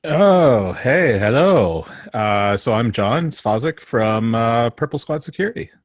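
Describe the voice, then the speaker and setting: A man guest on a group podcast, speaking in a relaxed, informal way. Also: medium pitch, slow pace, no room sound. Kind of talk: casual group podcast chat.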